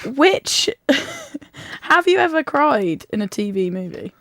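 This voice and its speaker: Young female radio host, high-ish animated voice, giggly, dry booth sound. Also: slow, dry recording. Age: young adult. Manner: giggly, bubbly, laughs often. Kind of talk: casual interview.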